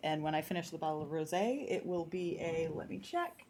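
A woman's voice: low voice, expressive, brisk, darkish tone, a little hiss or hum. A woman co-hosting a podcast, chatting in a bubbly way and laughing often. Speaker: podcast co-host. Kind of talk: casual chat.

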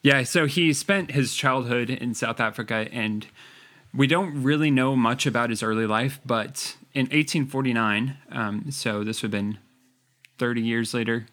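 A man's voice: mid-range voice, normal speed, fairly bright tone. A man co-hosting a podcast, telling a history story in a casual, rambling way with many fillers. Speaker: podcast co-host presenting the story.

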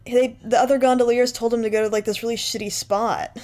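A woman's voice: fairly high pitch, level tone, a little fast, a little mellow. A woman casually recapping a movie for a podcast, sarcastic and profane, laughing often. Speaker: podcast co-host.

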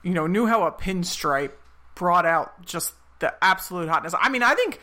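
A woman's voice: fairly low pitch, animated, normal speed, pushed and bright. A woman co-hosting a podcast, chatting casually about a movie and making wry, joking asides. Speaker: podcast co-host. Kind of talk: casual movie recap chat.

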